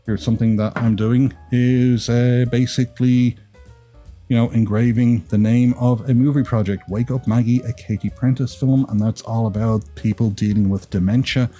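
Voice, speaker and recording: A man's voice: medium pitch, fairly even intonation, moderate pace, warm tone, soft background music. A man from Ireland whose Irish accent has been partly Americanized, giving creator tips in a chatty, rambling vlog with self-deprecating jokes. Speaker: YouTube creator. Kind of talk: casual advice vlog.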